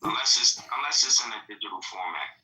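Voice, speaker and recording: A man guesting on a casual chat, talking in a measured, oddly formal way. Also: on the low side, expressive, bright, forceful tone. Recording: distant, echoey mic.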